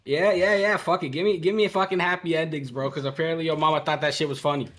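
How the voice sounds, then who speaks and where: A man's voice: a little high, fairly even intonation, fast talker, fairly bright tone. A man co-hosting a live stream, talking in loose, profane, heated chat. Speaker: streamer co-host. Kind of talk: casual group stream chat.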